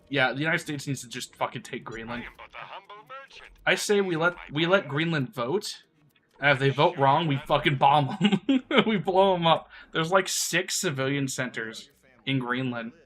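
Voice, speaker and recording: A man's voice: mid-range voice, fairly bright tone. A sick man streaming live, rambling crudely in casual chat and laughing often.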